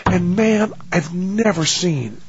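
A man hosting a radio talk show, telling a story in a casual way, shouting the lines he quotes and laughing often. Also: high-pitched, lively intonation, takes it slowly, slightly rough, lo-fi sound.

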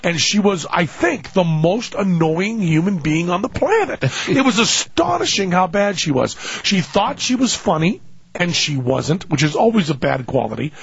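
Man, high-pitched, gravelly, husky, wry comic storyteller, dull lo-fi recording. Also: big pitch swings, normal speed, dry recording. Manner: wry, exasperated storytelling with put-on voices. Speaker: podcast host. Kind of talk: comic podcast monologue.

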